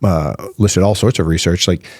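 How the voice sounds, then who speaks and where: A man's voice: deep voice, moderate pace, husky, dry recording, studio quality. A man appearing as a physician guest on a podcast, talking casually and eagerly, stacking rhetorical questions and "right?" checks as he explains. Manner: animated, piles up rhetorical questions and "right?" tags.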